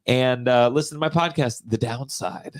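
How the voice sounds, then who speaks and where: A man, a guest comedian, telling animated anecdotes in a casual chat. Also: mid-range voice, moderate pace.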